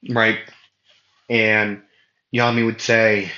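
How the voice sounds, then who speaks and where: A man's voice: on the low side, takes it slowly, pauses often, a bit bright. A man casually telling an improvised fan story, rambling with lots of fillers and self-corrections. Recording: muffled lo-fi audio in an echoey room.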